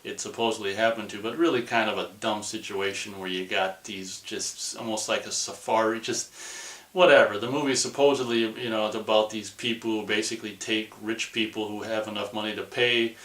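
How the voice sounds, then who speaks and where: A man's voice: fairly low pitch, steady tone, a little fast, a bit bright, roomy sound, distant mic. A man giving a casual, rambling movie review, dismissive in tone, full of restarts and fillers.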